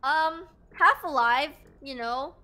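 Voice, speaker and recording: A young woman in casual game chat, animated and easily surprised, often laughing. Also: high-pitched, slow.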